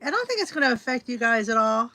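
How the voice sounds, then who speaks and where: A woman's voice: fairly high pitch, sing-song, quick pace, pushed and bright, no echo. A woman hosting a casual livestream podcast, chatty and a bit scattered, talking to herself while she sets up. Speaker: podcast host.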